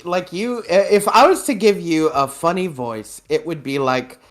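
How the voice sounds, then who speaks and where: A Mexican man co-hosting a podcast in casual chat, animated, laughing often and swearing. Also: a little high, moderate pace, faint music behind. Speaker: podcast co-host.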